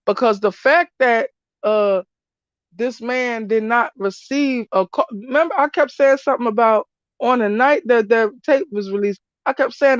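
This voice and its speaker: A woman's voice: a little high, normal speed, no room sound. A woman giving casual spoken commentary as a spiritual reader, blunt, emphatic and freely swearing. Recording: dull lo-fi dry recording.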